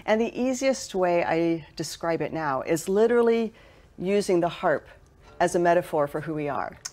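A woman guest who plays the harp, talking in an interview in a calm, reflective, measured way. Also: lowish voice. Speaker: guest, harpist. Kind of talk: interview conversation.

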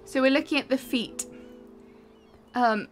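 A woman's voice: high voice, a little slow, soft background music. A woman live-streaming a cozy game, giggly and chatty as she talks to her chat.

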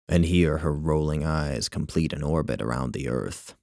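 A man narrating his own literary short story in a measured, wry way. His voice is extremely deep and gravelly with plenty of fry. The recording is close and completely dry, with no room sound at all. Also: dry recording.

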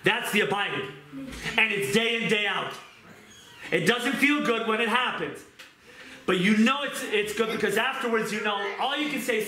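A man preaching a fervent sermon, moving from pleading prayer to quieter scripture reading. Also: very high voice, animated, moderate pace. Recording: echoey room with noise.

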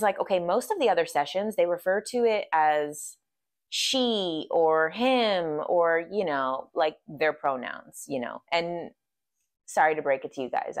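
Chatty woman vlogger, lowish voice. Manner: chatty, full of "like" fillers. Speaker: vlogger telling a story. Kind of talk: casual storytelling.

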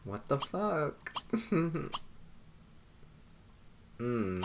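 A young woman with a very deep voice chats her way through a game, swearing and laughing as she goes. Her tone swings up and down a lot, and she talks at an unhurried pace. Loud game music plays underneath her voice. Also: sing-song, noisy background. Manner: chatty, swears freely, laughs often. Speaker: gameplay commentator. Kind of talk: casual let's-play commentary.

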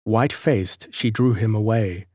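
In studio-quality audio with no room sound, a low-voiced man narrates an audiobook. His scripted reading is measured and evenly paced, in a storytelling manner.

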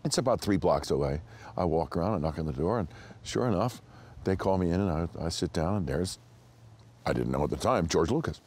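A man with a very low voice tells a story in a sit-down interview, and he laughs easily between his sentences. He acts out the people in his tale with sudden jumps in pitch and often restarts his thoughts mid-sentence. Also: fairly quick. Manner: animated anecdote-telling, acts out quoted people with big pitch jumps. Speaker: interview guest.

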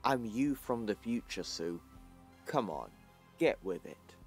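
A man reading out the lines of a stern woman conqueror from the future in a comic recap, in a flat reading voice. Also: lowish voice, takes it slowly, soft background music. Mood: grim.

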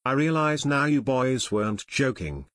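A man voicing a nervous, haggard chief pilot who speaks in a hushed, quavering, pleading way. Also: mid-range voice, expressive, a little slow, dry recording. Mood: tense.

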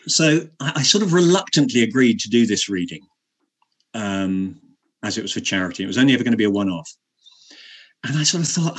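A man, an actor being interviewed, telling a self-mocking anecdote in halting speech with many repeated words and frequent laughter. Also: fairly low pitch, a bit bright, breathy edge.

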